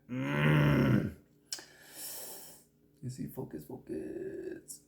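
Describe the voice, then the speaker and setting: A man's voice: medium pitch, slight background noise. A man chatting casually at home while eating a seafood meal on camera, talking with his mouth full and dropping Spanish exclamations between bites. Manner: slow and relaxed, mixing in Spanish exclamations. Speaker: food vlogger. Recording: roomy echo.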